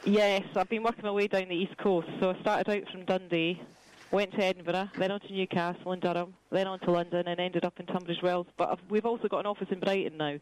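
A woman joining a radio show as a business guest, talking in a brisk, friendly way. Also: lowish voice, fairly even intonation, low-quality recording. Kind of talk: phone interview.

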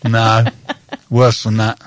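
A man hosting a casual radio chat, reading tweets aloud, joking and pausing with plenty of fillers. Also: fairly low pitch, completely flat delivery, no room sound. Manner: joking, hesitant, many fillers. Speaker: host.

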